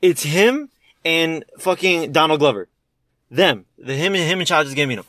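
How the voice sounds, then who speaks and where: A young man chatting casually with friends, telling animated stories full of swearing and fillers. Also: fairly high pitch, dry recording, clean studio sound. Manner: fast, animated storytelling, heavy swearing and filler. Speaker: friend chatting about movies. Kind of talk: casual chat.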